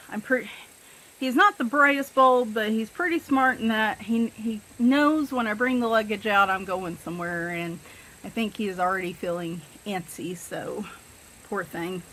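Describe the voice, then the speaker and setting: Southern woman host, unhurried, mid-pitched, chatty and self-deprecating. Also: a bit bright. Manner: rambling, self-deprecating, many fillers. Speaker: coloring book channel host. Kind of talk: casual chat showing books.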